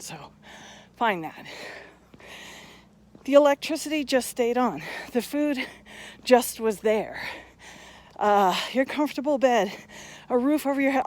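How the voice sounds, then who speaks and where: A woman's voice: medium pitch, a little mellow. Woman hyping up her viewers, earnest coach vibe, kinda out of breath, voice bounces all over. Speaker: motivational vlogger. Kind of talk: motivational talk to camera. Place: outdoors at high elevation.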